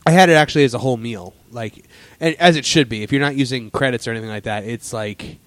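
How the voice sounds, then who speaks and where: A man's voice: medium pitch, fast, no echo. Rambling man hosting a podcast. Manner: rambling, filler-heavy. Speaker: podcast host. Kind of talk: casual chat.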